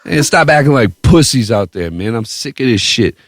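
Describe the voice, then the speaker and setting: A man hosting a podcast, telling a story in casual chat with a profane, boastful, animated way of talking. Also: mid-range voice, normal speed, no room sound, studio quality. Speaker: podcast host.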